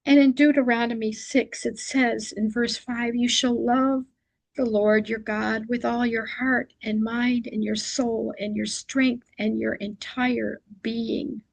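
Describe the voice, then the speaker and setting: A woman's voice: a little high, little pitch movement, takes it slowly, creaky, no echo, rough recording. A middle-aged woman sharing a personal devotional reflection, speaking earnestly and confessionally, sometimes poking fun at herself. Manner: earnest and confessional, often self-deprecating.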